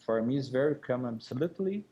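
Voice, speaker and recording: A man, a native Portuguese speaker, practicing English in an online lesson, talking haltingly with many fillers over a muffled video call. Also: mid-range voice, animated, mellow. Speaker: English student.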